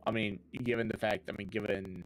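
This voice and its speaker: A man's voice: on the low side, flat delivery, fairly quick, low-quality recording. A man playing his character in a tabletop game, talking earnestly and steadily with many restarts. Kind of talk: in-character role-play.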